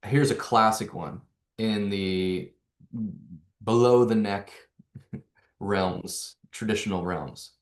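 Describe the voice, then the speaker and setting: Speaking slowly in a lowish voice, a man is heard in an echoey room. He's a neuro coach giving hosts an animated explanation of neurology, posing rhetorical questions with mounting energy.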